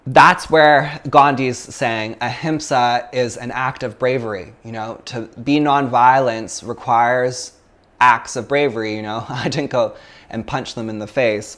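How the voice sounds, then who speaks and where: A man's voice: medium pitch, fairly even intonation, normal speed, fairly bright tone. A man teaching a yoga class, talking in a loose, chatty way and telling stories with plenty of fillers. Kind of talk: casual talk to a yoga class.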